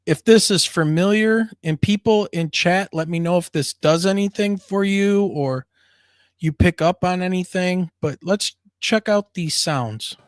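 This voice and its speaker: A man's voice: sits high, unhurried, no room sound, studio quality. A man hosting a casual livestream interview, talking loosely with fillers and restarts. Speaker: show host.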